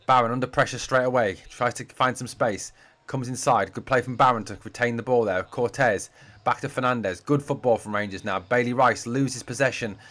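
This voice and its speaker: A man's voice: mid-range voice, fairly quick, hardly any pauses, fairly bright tone. A man hosting a fan watch-along stream, commentating on play in a chatty way, swearing freely and answering viewer comments. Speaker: fan channel host doing a live watch-along. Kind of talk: casual live-stream match commentary.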